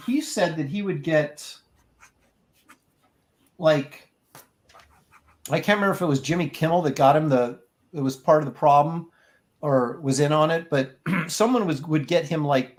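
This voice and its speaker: A man's voice: fairly high pitch, moderate pace, pauses often. A man co-hosting a casual chat, telling rambling stories and laughing often. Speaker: artist co-host.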